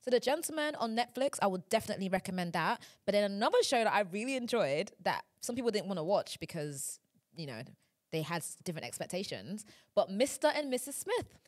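A woman's voice: medium pitch, sing-song, fairly quick. A young woman, hosting a podcast in casual chat, enthusiastic and chatty, often checking "do you know what I mean". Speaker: podcast host.

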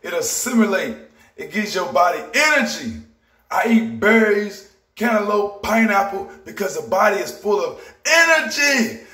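A man gives an upbeat, preachy motivational vlog, often saying things twice. His voice sits high for a man. He is recorded in a roomy, echoing home kitchen. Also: animated, moderate pace, pushed and bright. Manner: upbeat, preachy, repeats phrases. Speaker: vlogger and healthy-lifestyle promoter. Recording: roomy, echoey room.

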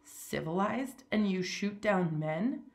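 A woman reads the part of a principled young hunter, earnest and shocked, his words coming out with a slight gravel. The part sits a touch above her low reading voice. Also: lively intonation, slow, darkish tone. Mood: indignant. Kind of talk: story read aloud.

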